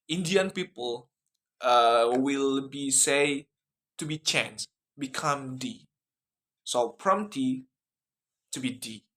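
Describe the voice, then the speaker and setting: Slow, hesitant young man presenting. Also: medium pitch, a bit bright. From Indonesia. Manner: hesitant, many fillers and restarts. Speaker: student presenter. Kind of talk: class video presentation.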